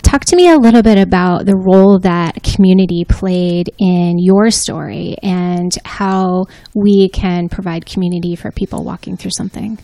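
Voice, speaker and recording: A woman's voice: on the low side, moderate pace, hardly any pauses, no echo. A woman hosting an interview, affirming and asking follow-up questions. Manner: warm and affirming. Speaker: host.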